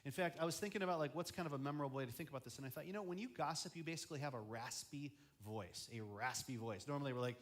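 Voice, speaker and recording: A man's voice: mid-range voice, very fast, few pauses. A young man preaching as a student ministry pastor, chatty, often acting out quoted voices. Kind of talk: youth sermon.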